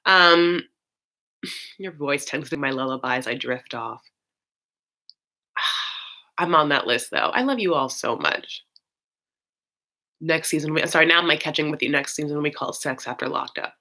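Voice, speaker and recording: A woman hosting a casual chat, talking loosely with many fillers and swinging between high and low. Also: measured pace, long pauses, pushed and bright. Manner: chatty, swoops high and low, frequent fillers; campy, calls listeners honey. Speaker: host.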